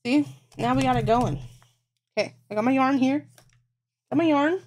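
A woman talks through her crochet project on a live stream. She thinks aloud, swears constantly and teases herself when she gets things wrong. Her voice sits a little high. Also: normal speed, a little mellow, a little hiss or hum. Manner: thinks aloud, swears a lot, self-mocking. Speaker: livestreamer. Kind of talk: casual live-stream chat while crocheting.

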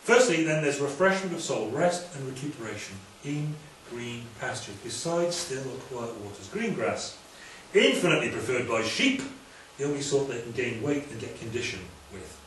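Brief: male preacher, chatty lively sermon, recorded from afar in a very echoey hall with faint noise. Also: medium pitch, far from the mic. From Wales. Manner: lively, conversational preaching with asides and quick humor.

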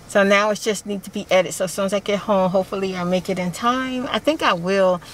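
A woman's voice: medium pitch, steady tone, fast, very noisy. A woman chatting casually to her vlog audience from inside a car, rambling and laughing often. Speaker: vlogger.

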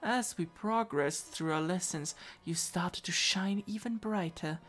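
A woman's voice: unhurried, soft background music. A woman doing a brooding, possessive masked man. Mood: solemn. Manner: low, hushed, intense.

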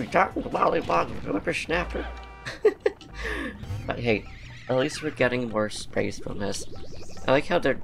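Gravelly-voiced man chatting over game music. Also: fairly low pitch. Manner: chatty, rambling, laughs often, slangy. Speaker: let's play commentator. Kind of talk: casual gameplay commentary.

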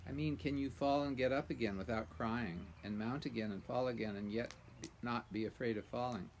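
Storybook warhorse, male, proud and scornful, gravelly, as a male reader puts him on. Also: mid-range voice, a little fast, a little hiss or hum, lightly acted. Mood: stern. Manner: lofty, scornful, then gently patient. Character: proud talking male warhorse, haughty but kindly.

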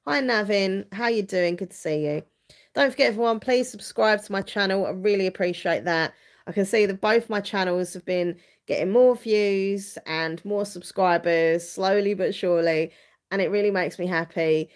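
A woman's voice: mid-range voice, normal speed. A woman in her thirties chatting openly on a livestream, rambling with frequent restarts. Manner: rambling, frequent restarts and fillers, open and earnest. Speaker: vlogger hosting a livestream. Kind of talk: casual livestream chat.

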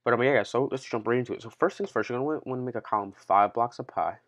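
A man's voice: mid-range voice, fast talker, fairly bright tone, highs cut off. A man hosting a casual game-building tutorial, chatty and unscripted, talking straight to his viewers and counting steps aloud. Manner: chatty, keeps addressing viewers as guys, counts blocks aloud; loose and unscripted, changes plans mid-sentence. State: out of breath after a workout. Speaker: Minecraft tutorial host. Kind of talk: casual gaming tutorial narration.

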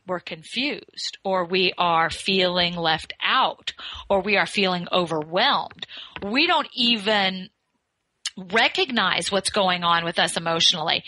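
A woman with a bright, forward voice recorded close and dry gives expert advice in an interview. She coaches in a measured way, stretching out the phrases she wants to land. The recording has no room sound around her. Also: medium pitch, dry recording, rough recording. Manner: coaching, slows down to stress key phrases. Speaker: communication skills expert guest. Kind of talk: podcast interview.

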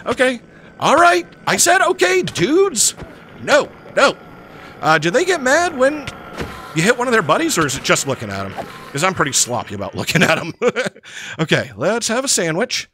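A man giving excitable, jokey running commentary over his own block-building game, chatting to the creatures he meets. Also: high voice, fairly quick, a little hiss or hum. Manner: excitable, talks to the mobs he meets; frequent fillers and restarts, jokey. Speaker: gaming channel host. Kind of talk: Minecraft let's play commentary.

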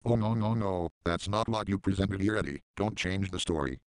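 A man giving mocking commentary, deadpan, sarcastic and profane. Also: low-pitched, moderate pace, smooth, no echo. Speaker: commentary channel host.

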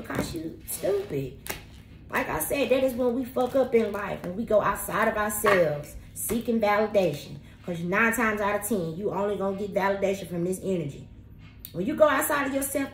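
A woman's voice: mid-range voice, animated, moderate pace. Woman, tarot reader, profane and emphatic, slangy, roomy echo, faint hiss. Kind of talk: spirited tarot reading monologue.

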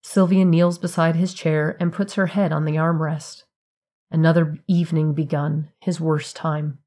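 A woman narrating a piece of fiction for a podcast in an even, measured storytelling voice. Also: sits low.

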